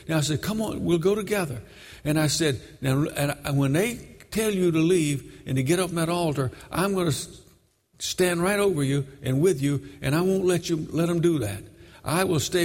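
A man from Brooklyn preaching a sermon, moving between shouted exhortation and a folksy story told with many fillers. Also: a little high, animated, moderate pace, long reverb tail.

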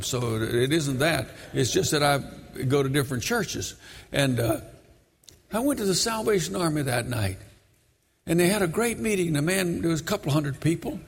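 A man from Brooklyn preaching a sermon, moving between shouted exhortation and a folksy story told with many fillers. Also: mid-range voice, in a large hall.

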